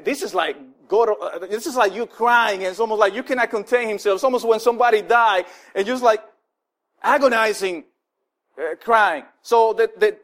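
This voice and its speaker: A male pastor with a high voice preaches a sermon in a loose, conversational way, with lots of fillers and restarts. He is animated and acts out the people he quotes.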